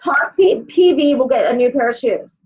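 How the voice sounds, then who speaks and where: A woman's voice: high voice, expressive, moderate pace, breathy edge, muffled recording. A woman leading a casual motivational call for her sales team, blunt and swearing as she gives tough love.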